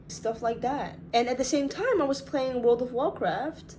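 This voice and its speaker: A woman's voice: sits high, moderate pace, few pauses, a little mellow, slight background noise. A young woman vlogger whose first language is not English, with an accent mixing British and American. She talks casually to the camera in a rambling way, often checking in with "right?". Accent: mixed British and American. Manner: chatty, rambling, self-questioning with tag questions. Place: Hawaii.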